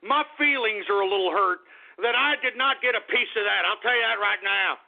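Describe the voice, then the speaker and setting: A man's voice: high voice, brisk. A male radio host talking through a rambling, flustered monologue, apologizing and restarting often. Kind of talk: call-in radio talk show monologue. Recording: tinny phone-quality radio audio.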